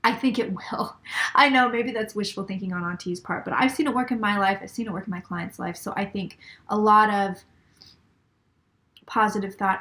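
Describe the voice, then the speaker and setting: A woman's voice: medium pitch, fairly even intonation, normal speed, bright, forceful tone. A middle-aged woman giving a channeled psychic reading, relaying messages in repeated phrases and sometimes dropping to a whisper. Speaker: psychic reader.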